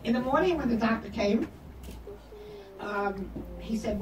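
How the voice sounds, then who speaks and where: An older woman with a somewhat high voice tells personal stories to a gathered audience and voices each quoted line with animated emphasis. She is picked up from a distance, so the sound is roomy and echoing. Steady background noise runs underneath her. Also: a little slow, long pauses. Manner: animated storyteller acting out quoted dialogue. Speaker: guest speaker. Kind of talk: storytelling talk. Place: hall or room at a community event.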